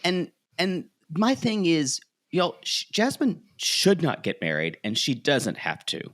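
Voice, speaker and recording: A man talking in a casual TV recap podcast, his pitch swinging up and down from one line to the next. He keeps it chatty and lively, often slipping into quick impressions of the people he talks about. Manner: animated, quick to mimic cast members. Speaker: podcast host. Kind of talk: casual reality TV recap chat.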